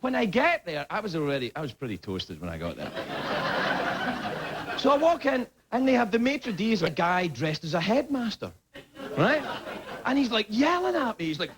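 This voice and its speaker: A man's voice: very high voice, huge pitch swings, fairly quick, crowd noise. A Scottish man in his forties, a late-night host telling rambling comic stories and often interrupting himself with laughter. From Scotland. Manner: rambling, self-interrupting storytelling with frequent laughs. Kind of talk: comedic monologue.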